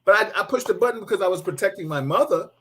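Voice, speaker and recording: A man's voice: high voice, lively intonation, racing, husky. A middle-aged man hosting a casual talk show, telling stories animatedly, laughing and mimicking people. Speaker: host.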